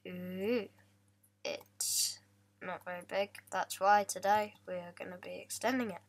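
A woman's voice: medium pitch, unhurried. A young woman casually commenting on her own gameplay, joking, chatty and playful, chatting to the animals in the game. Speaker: gaming vlogger.

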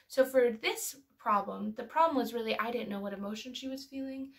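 A woman's voice: a little high, a little fast, creaky, few pauses. A young adult woman and parenting educator giving an earnest, personal explanatory talk that is full of anecdotes.

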